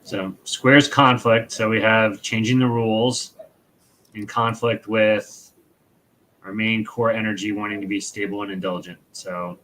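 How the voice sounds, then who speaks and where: A man's voice: fairly low pitch, little pitch movement, measured pace, bright, forceful tone, poor audio. A man co-hosting an astrology livestream, explaining the week's signs briefly and plainly. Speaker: astrology show co-host. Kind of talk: casual livestream chat.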